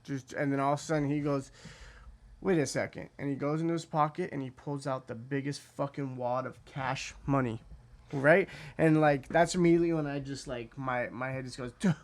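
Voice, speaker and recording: A man's voice: mid-range voice, steady tone, moderate pace. A young man telling a story in casual podcast chat, acting out the voices of the people in it and swearing a lot.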